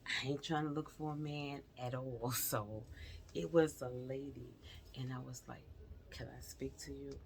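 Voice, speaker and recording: A woman vlogger with a bass voice speaks at a measured pace straight to her viewers, casually telling a personal story. Her retelling is animated and she acts out quoted dialogue, with slight background noise behind her.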